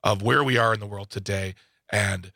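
A man's voice: lowish voice, moderate pace, creaky, sharp tone, no room sound, clean studio sound. A man in his forties co-hosting a radio show, making jokes and chatting casually. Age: 40s. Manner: jokey, self-deprecating. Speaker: radio co-host. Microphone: studio microphone.

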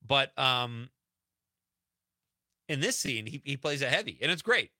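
A man's voice: mid-range voice, sing-song, a little slow, bright, forceful tone, no echo. A man hosting a radio show in a studio, chatting loosely with plenty of fillers. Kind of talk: casual radio talk. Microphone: studio mic.

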